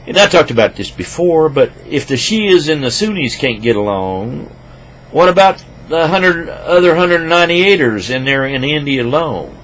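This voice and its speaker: A man ranting crudely into a computer microphone at his home desk, rambling and swinging between loud outbursts and low mutters. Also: lively intonation, moderate pace, slight background noise, low-quality recording. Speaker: vlogger. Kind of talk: rambling profane rant to camera.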